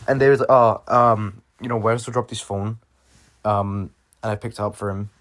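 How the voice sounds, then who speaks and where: A man's voice: lowish voice, little pitch movement, moderate pace, a bit bright. A young man from Britain casually telling a personal story to his viewers, rambling with lots of swearing and fillers. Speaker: vlogger.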